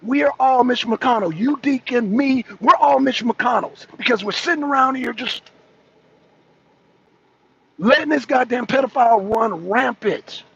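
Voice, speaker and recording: A man on a political talk show ranting loudly, swearing and repeating himself, sometimes breaking into laughter. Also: extremely high pitch, unhurried, creaky, slightly rough. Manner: loud, profane, repetitive ranting. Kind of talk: heated political rant. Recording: dull lo-fi stream audio.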